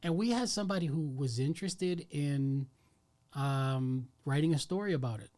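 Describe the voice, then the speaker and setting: A man hosting a podcast, talking in a relaxed, conversational way and sharing his own stories. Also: on the high side, normal speed. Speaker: podcast host. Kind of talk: casual interview chat.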